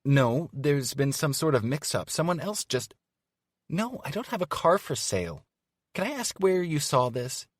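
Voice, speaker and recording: A man voicing a sharp-tongued young woman talent agent in an audiobook, mocking and sweetly teasing. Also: medium pitch, big pitch swings, normal speed, husky, dry recording, studio quality, pitched above the performer's own voice. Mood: flustered. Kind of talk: audiobook character voice.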